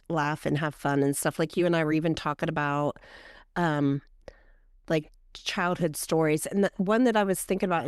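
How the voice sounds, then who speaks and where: A woman's voice: lowish voice, clear, resonant tone, dry recording, studio quality. A middle-aged woman co-hosting a podcast, telling stories in casual chat with lots of "like". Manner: animated storyteller, fillers of "like". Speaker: podcast co-host.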